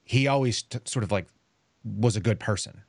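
A man's voice: lowish voice, creaky, slightly rough, dry recording, studio quality. A man hosting a podcast, telling stories in a blunt, sarcastic way. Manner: fast, blunt, sarcastic storytelling. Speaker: podcast host. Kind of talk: casual podcast talk.

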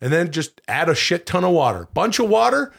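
A man's voice: on the high side, very animated, fairly quick, vocal fry, slightly rough, pitched above the performer's own voice, heavily acted. A man putting on a boisterous Canadian cook. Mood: folksy. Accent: Canadian put-on. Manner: boisterous, swearing, folksy how-to patter. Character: hearty Canadian man cooking beans and kale. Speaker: podcast co-host. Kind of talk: comic improvised bit.

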